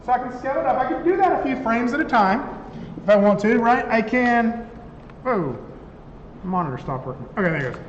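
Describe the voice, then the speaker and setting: A man instructor giving a conversational classroom software lecture, checking in with his students as he works. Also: very high voice, lively intonation, fairly quick, slight background noise. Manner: conversational, checks in with "right?" often. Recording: roomy classroom, dull lo-fi sound.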